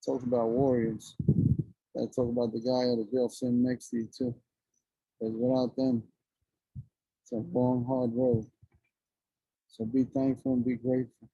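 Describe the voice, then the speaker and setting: A man's voice: medium pitch, little pitch movement, normal speed, long pauses, dark tone, husky, no room sound, highs cut off. A man in his forties, a guest talking outdoors with blunt, profane passion. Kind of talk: emotional casual conversation. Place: outdoors among trees and birds.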